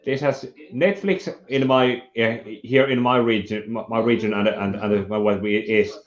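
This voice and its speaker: A man from Finland with a Finnish accent, chatting as a guest on a video call, halting and restarting often. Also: lowish voice, steady tone. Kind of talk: casual video chat. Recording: dull lo-fi call audio.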